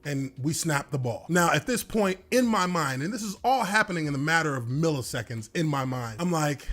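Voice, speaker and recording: A man's voice: fairly high pitch, fairly quick, few pauses. A former pro football lineman telling a dramatic game story in a casual way, with a bit of swearing. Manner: animated, dramatic retelling with casual profanity. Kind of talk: storytelling anecdote. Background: faint music.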